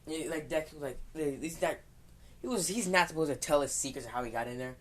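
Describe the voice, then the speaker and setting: A man's voice: on the high side, brisk, a bit bright. Rambling young man telling a fan story. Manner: rambling, filler-heavy, chuckling asides. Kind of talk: casual improvised storytelling.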